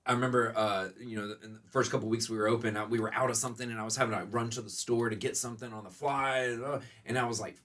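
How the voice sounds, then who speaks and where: A man who owns a restaurant, telling stories as a guest in a casual podcast interview. He talks a lot, in a lively way, and laughs often. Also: mid-range voice, racing, few pauses. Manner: animated, laughing, self-described talker.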